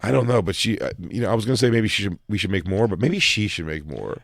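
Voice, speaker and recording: Deep-ish guy in his 40s cracking crude jokes, voice swings around a lot, dry sound. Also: lively intonation, quick pace, vocal fry, dry recording. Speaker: podcast co-host. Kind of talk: casual chat.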